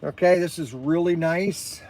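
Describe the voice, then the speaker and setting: An energetic man hosts a casual livestream about his shop's products. His voice sits high, and he rambles with frequent fillers and self-corrections. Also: a little slow. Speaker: host and shop owner.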